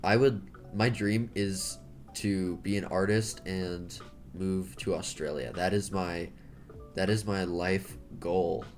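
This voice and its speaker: A man's voice: deep voice, steady tone, takes it slowly, soft background music. A man with an American accent chatting casually while he draws, rambling, jokey and correcting himself. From United States. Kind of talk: casual chat while drawing.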